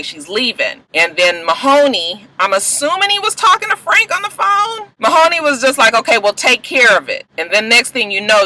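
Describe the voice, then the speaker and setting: A woman's voice: on the high side, sharp tone, low-quality recording. A woman, animatedly recapping a TV episode and acting out the characters' lines. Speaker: TV recap vlogger.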